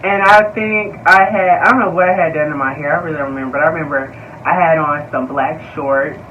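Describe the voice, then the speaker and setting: A young man telling a story to viewers in a casual vlog, animated, slangy and profane, calling his audience y'all. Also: fairly high pitch, distant mic, highs cut off, slight background noise. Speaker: vlogger.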